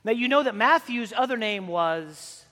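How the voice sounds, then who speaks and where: A man's voice: sits high, expressive, normal speed, sharp tone. A man preaching a sermon as a priest, telling stories in a conversational way. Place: church sanctuary. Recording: long church reverb.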